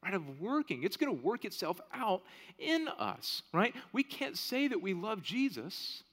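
A man's voice: sits high, big pitch swings, measured pace, fairly bright tone. A man in his thirties preaching a sermon in a conversational way, often checking in with "right?". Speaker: pastor. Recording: long reverb of a large hall.

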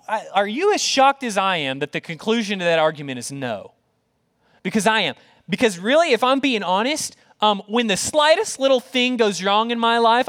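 Animated man preaching a sermon in a hall. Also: high-pitched, moderate pace. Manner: conversational, animated preaching with rhetorical questions. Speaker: pastor.

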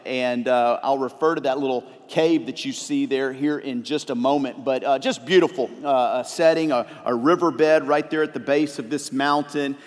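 A male pastor preaching a sermon, chatty with filler words, then rising to emphatic points. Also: medium pitch. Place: church sanctuary. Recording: long reverb of a large hall.

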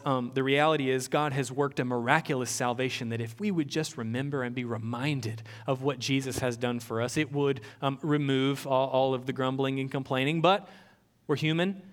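Pastor, male, mid-pitched, earnest conversational sermon, guitar music under the voice. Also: big-room sound. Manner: earnest, conversational preaching with fillers and repeats. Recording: music playing clearly behind the voice.

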